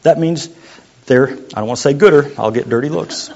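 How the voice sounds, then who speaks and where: A young adult man preaching a sermon as a youth pastor, in a conversational, joking way that sometimes drops to a quiet voice. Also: mid-range voice, moderate pace, vocal fry. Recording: muffled lo-fi sound.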